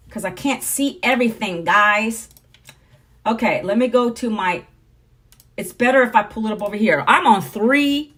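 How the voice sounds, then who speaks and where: A woman's voice: mid-range voice, a bit bright. A woman in her forties hosting a casual livestream from home, chatty and talking straight to her viewers. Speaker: livestream host.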